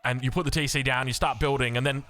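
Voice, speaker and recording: An Australian man giving excitable, chatty live commentary on a strategy game as caster, with joking asides. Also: medium pitch, fast, faint music behind. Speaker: esports caster.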